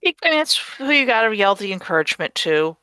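A woman's voice: mid-range voice, sing-song, a little fast, sharp tone, clear, resonant tone, dry recording. A woman player chatting casually during a tabletop game, chiming in with jokes.

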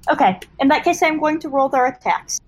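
A woman's voice: sits high, expressive, brisk, low-quality recording. A woman playing a tabletop game, thinking aloud with frequent fillers. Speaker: player.

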